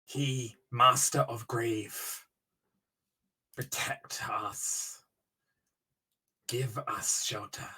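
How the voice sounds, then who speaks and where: A man voicing a goblin inscription written in blood, read slowly and low. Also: steady tone, sharp tone, breathy edge, recorded from a distance, exaggerated voice. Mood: ominous. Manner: slow, low, halting delivery. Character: goblin inscription read aloud, grim and menacing.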